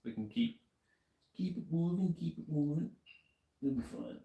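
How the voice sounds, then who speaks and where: Australian man, gravelly voice, casual streamer chat, echoey room. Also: on the high side, normal speed, dark tone, lo-fi sound. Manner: mutters to himself while tinkering. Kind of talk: casual live-stream chat while working.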